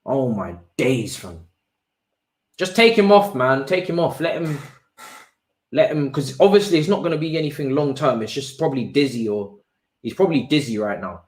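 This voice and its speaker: A man's voice: medium pitch, lively intonation, moderate pace. A man hosting a live football watch-along, ranting in exasperated slang. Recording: roomy echo.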